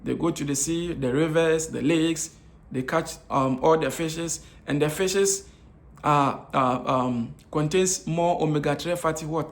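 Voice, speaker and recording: Gravelly man quizzing his listeners. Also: a little high, a little slow. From Africa. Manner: asks rhetorical questions and answers them himself; repeats key phrases, many hesitation fillers. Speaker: nutrition talk host. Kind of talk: informal health lecture.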